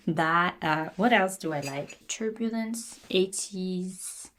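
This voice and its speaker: A woman's voice: on the low side, very slow, fairly bright tone. A woman in her twenties chatting casually while answering viewer questions, laughing often. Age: 20s. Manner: chatty, laughs often, switches languages, sings snippets. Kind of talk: casual Q&A chat.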